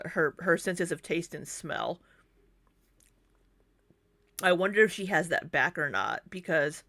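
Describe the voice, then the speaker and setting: A woman's voice: lowish voice, fairly bright tone, no echo. A woman hosting a reaction commentary, chatting about clips and often breaking into laughter. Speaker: commentary channel host.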